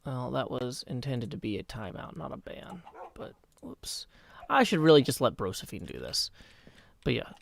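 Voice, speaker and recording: Hoarse man chatting through a game stream. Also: mid-range voice, very animated, normal speed. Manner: rambling, chatty, answers chat mid-thought. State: hoarse morning voice. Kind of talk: live-streamed game commentary.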